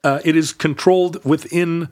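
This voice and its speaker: A man's voice: on the high side, fairly even intonation, moderate pace, darkish tone. A man in his fifties, co-hosting a casual podcast, explains facts at length with many restarts and fillers. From United States. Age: 50s. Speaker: podcast co-host.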